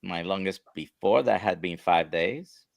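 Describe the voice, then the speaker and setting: A man with a Spanish accent answering questions in a live Q&A, talking slowly and haltingly with many fillers. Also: low voice, creaky, dry recording. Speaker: guest doctor. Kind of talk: live Q&A chat.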